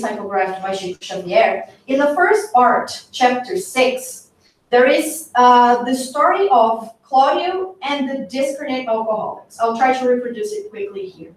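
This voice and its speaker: A woman giving a workshop talk, retelling a story from a book in an unhurried, conversational way with fillers and self-corrections. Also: high-pitched, lively intonation. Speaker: workshop speaker. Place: meeting hall. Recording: echoey hall, distant mic.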